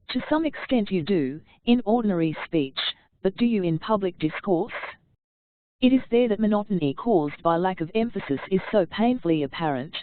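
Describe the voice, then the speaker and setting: A woman reading an instructional audiobook aloud in a steady, measured delivery. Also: mid-range voice, no echo. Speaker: audiobook narrator. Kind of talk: scripted audiobook narration. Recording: tinny phone-like narrow sound.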